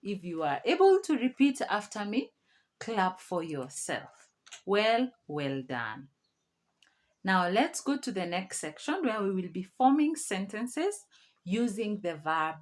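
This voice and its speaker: A woman teaching a language lesson online, saying each word slowly and repeating it so learners can follow. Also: medium pitch. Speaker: French teacher.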